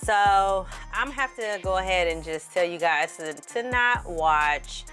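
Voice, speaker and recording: A woman's voice: lowish voice, animated, unhurried, fairly bright tone, faint music behind. A woman giving a candid, blunt review to camera in a casual, rambling way, a little tipsy, with laughs. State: slightly tipsy. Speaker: film reviewer.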